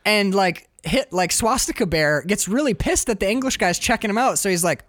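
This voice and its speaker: A man's voice: sits high, a little fast, no room sound. A man co-hosting a casual podcast, riffing on a film with lots of swearing and laughter, acting out lines from scenes. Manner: animated, profane, laughs often, quotes scenes in voices. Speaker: podcast co-host. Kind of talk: casual movie-riff chat.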